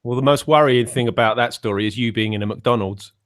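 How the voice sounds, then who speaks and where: A man's voice: medium pitch, a little fast, a bit bright. A man, chatting casually on a panel call and rambling with lots of fillers. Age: 40s. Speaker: panel guest. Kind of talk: casual chat.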